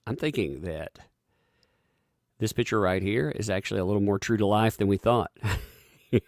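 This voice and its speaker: A man's voice: on the low side, normal speed, dry recording, clean studio sound. A man hosting a live-stream, chatting sarcastically with frequent laughs and reading out viewer donations.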